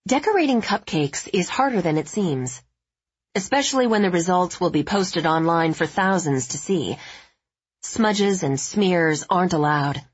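Audiobook narrator, woman, first-person, husky and dry, dull studio sound. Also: on the low side, animated, measured pace, no room sound.

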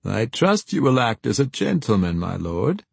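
A man voicing a kindly, courteous old male steward in an audiobook, speaking formally and gently. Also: medium pitch, big pitch swings, normal speed, creaky, husky, dry recording, heavily acted. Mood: gentle.

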